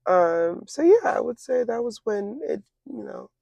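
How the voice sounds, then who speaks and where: Young woman, twenties, gravelly voice, halting and reflective, dry recording. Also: mid-range voice, sing-song, warm tone, no room sound. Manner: reflective, halting, with many fillers and restarts. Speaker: interview guest. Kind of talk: casual conversation.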